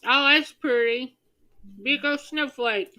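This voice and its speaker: A woman's voice: high-pitched, steady tone, takes it slowly, sharp tone, low-quality recording. A woman hosting a casual group video chat, teasing and laughing often.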